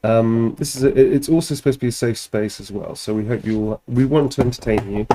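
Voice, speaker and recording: A man's voice: medium pitch, quick pace, background noise. A man chatting casually on a livestream while signing autographs, playful and giggly, swearing freely.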